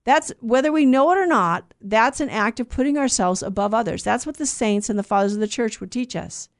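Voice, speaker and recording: A woman's voice: a little high, brisk. A woman teaching scripture to a group in a conversational way, often asking them questions. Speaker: Bible teacher.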